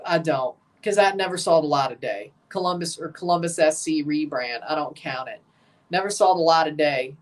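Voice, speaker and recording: A man hosting a livestream watchalong, giving excitable play-by-play of a soccer match between chatty replies to his viewers. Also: a little high, moderate pace, far from the mic. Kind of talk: casual watchalong commentary.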